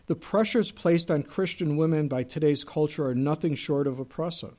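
A man's voice: fairly high pitch, normal speed, warm tone. A middle-aged male pastor giving a sermon in a conversational way, with asides and bits of humor.

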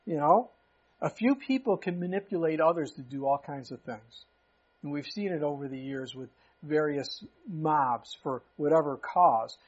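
A man's voice: fairly high pitch, expressive, normal speed, highs cut off. A man preaching an expository sermon in a conversational, emphatic way, often asking rhetorical questions. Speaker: pastor.

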